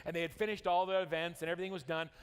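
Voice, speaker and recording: High-voiced energetic male convention speaker. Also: very fast, smooth. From Utah. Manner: energetic storytelling, rising and dropping for drama. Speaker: motivational speaker. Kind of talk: convention keynote speech. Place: large convention hall. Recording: long hall reverb.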